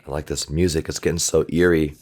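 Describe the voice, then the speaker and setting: Very deep-voiced man reacting to anime. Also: flat delivery, quick pace, a little mellow. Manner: chatty, points out small animation details. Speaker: volleyball coach reacting to anime. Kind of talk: casual reaction commentary. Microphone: desktop USB microphone.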